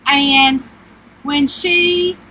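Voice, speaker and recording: A middle-aged woman with a high, squeaky, twangy voice, talking casually into her phone from a little camper. Her tone is sharp and bright, and she sits well up in the higher range. She chats loosely and greets each viewer by name. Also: steady tone, extremely slow, a little hiss or hum, low-quality recording. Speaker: author hosting a livestream. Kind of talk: casual live-stream chat. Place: inside a small camper with the air conditioner running.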